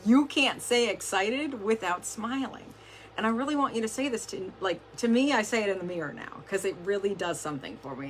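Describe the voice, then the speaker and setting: A woman's voice: mid-range voice, a little fast, a little hiss or hum. A woman giving a casual motivational talk to her team on a livestream, chatty and peppered with "like" and the odd swear word. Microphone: camera close up, adjusted during stream.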